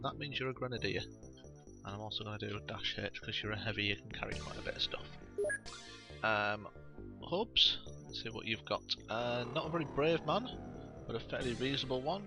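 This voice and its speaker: Chatty man with a gravelly voice. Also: medium pitch, lo-fi sound. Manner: chatty, rambling, full of ums and uhs. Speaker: let's play gamer. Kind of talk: casual gameplay commentary.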